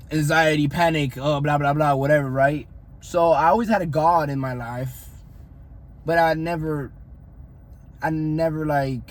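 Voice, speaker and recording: A young man telling his own faith story in an earnest, rambling way, often repeating himself. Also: fairly high pitch. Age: young adult. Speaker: fitness coach vlogger. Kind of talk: personal faith testimony.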